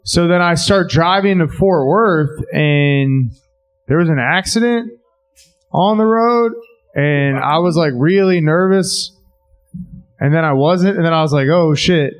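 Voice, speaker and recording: A man's voice: on the high side, unhurried. Laid-back rambling stand-up man. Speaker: stand-up comic. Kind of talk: stand-up set. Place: basement comedy venue.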